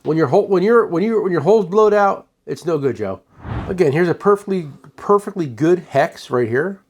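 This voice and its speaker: Chatty salesman with a higher voice. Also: lively intonation, normal speed, darkish tone, slight background noise. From United States. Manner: chatty, salesy, rambling with frequent restarts. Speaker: tool shop owner presenting products. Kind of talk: casual product demo and sales pitch.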